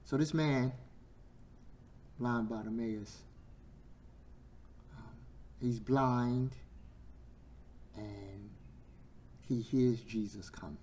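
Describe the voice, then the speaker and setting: Hoarse preacher guy, aave, slow drawn-out delivery that climbs to yelling. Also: medium pitch, steady tone. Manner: builds to shouting, stretches words, sore throat. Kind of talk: sermon.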